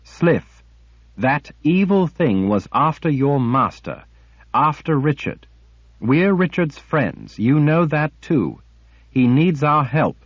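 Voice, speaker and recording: A man's voice: fairly high pitch, sing-song, takes it slowly, no echo, pitched above the performer's own voice, full character voice. A man voicing an urgent, pleading sorceress. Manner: pleading, trying to sound reasonable. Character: determined female sorceress, urgent but controlled. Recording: dull lo-fi audiobook recording.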